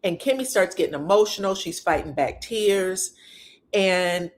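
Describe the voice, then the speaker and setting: A woman's voice: on the low side, a little slow. A woman giving a sassy, casual recap of reality TV drama, full of rhetorical questions and blunt asides. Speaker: reality TV commentator.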